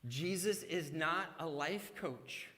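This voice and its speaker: A man's voice: on the high side, slow, pushed and bright. A middle-aged male pastor preaching a sermon in a church sanctuary, mixing scripture with humorous personal stories in a conversational way. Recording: long church hall reverb.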